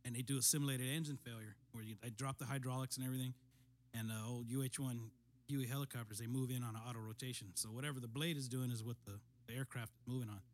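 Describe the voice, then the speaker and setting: A middle-aged man and military veteran telling a story in casual conversation, steady and matter-of-fact, often clearing his throat. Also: mid-range voice, quick pace.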